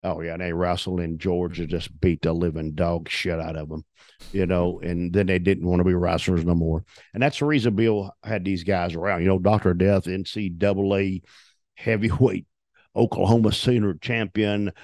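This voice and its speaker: In a shoot interview, an older retired wrestler swears his way through vivid stories, imitating the people he quotes. He speaks at a moderate pace in a lowish voice. The audio is close and dry, without any room sound.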